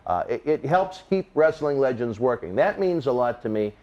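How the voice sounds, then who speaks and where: Lively-voiced male wrestling interview host. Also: normal speed, muffled recording. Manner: upbeat promo delivery, lively pitch. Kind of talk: casual interview chat with promos.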